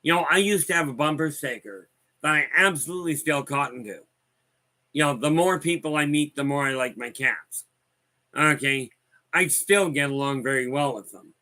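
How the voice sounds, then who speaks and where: A man's voice: a little high, normal speed, sharp tone. A man casually chatting as host, telling rambling, wry stories and answering viewer comments. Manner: rambling, wry, folksy storyteller who reads viewer comments aloud. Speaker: host of a live talk stream. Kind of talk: casual storytelling chat.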